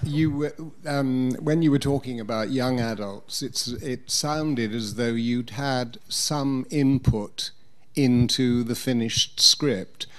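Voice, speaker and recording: A man in the audience slowly puts a question to the stage, pausing and hunting for words. His voice sits at an ordinary pitch. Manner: slow, hesitant, searching for words. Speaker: audience member asking a question.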